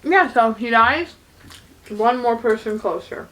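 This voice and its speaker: A woman's voice: a little high, a little slow, a bit bright. A young woman telling a story in casual chat, full of "like" and quoted lines. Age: young adult. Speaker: YouTuber retelling a musical's plot.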